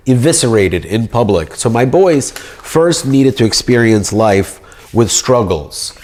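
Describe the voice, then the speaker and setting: A man's voice: medium pitch, sing-song, slow pace, a little mellow, slight background noise. A man in a rambling monologue, making grandiose claims as if pleading his case to a judge. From United States.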